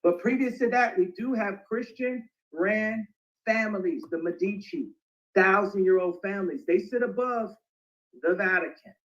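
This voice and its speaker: High-voiced man rambling through laughter. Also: normal speed, a bit bright. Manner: rambling, breaks into fits of laughter. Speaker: interview guest. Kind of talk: casual storytelling in an online audio chat. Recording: dull lo-fi online audio.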